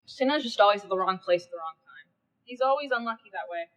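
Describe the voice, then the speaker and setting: A woman's voice: mid-range voice, lively intonation, fast talker, a bit bright, rough recording. A woman narrating a story in a casual, wry, chatty way. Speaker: narrator in a documentary-style film.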